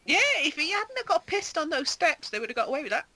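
A woman chatting casually about a film, wry and animated. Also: high voice, fast, no echo. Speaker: podcast co-host.

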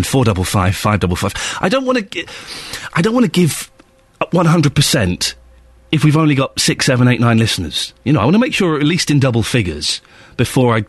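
Wry London radio host, lively pitch. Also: male voice, husky, no echo. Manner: chatty, wry, self-mocking. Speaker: radio presenter. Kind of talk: casual morning radio chat. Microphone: studio microphone.

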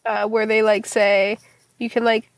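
Young woman cohost, laid back, kinda high voice with a bit of fry. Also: flat delivery, unhurried, dry recording. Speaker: podcast co-host. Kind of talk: casual chat.

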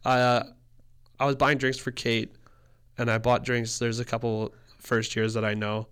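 A man's voice: medium pitch, little pitch movement, normal speed, a bit bright, clear, resonant tone. A man, co-hosting a casual chat and telling a long story in a rambling way, laughing often and swearing. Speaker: podcast co-host.

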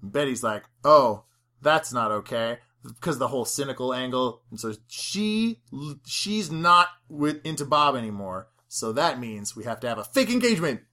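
A chatty podcast co-host retelling a film's plot in a casual discussion. The voice sits at a middle pitch and moves through the story with quoted lines. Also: very animated, moderate pace, few pauses, bright, forceful tone.

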